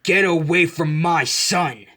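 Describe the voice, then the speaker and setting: A man's voice: medium pitch, measured pace, a bit bright, natural voice. A strong hero father speaks earnestly and with force, as a man reads him. He belongs to a fan-made story reading. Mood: furious. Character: muscular adult male hero, protective father.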